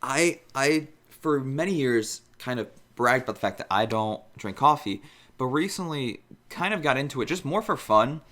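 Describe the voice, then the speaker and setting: A man's voice: mid-range voice, expressive, normal speed, a bit bright. A man in his twenties co-hosting a casual podcast, chatty and rambling. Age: 20s. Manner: chatty, rambling, self-conscious. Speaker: podcast co-host. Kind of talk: casual chat.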